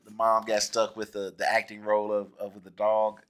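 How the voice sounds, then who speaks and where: A man hosting a casual movie review chat with his sister, joking and animated, with frequent restarts. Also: lowish voice, moderate pace. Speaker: host.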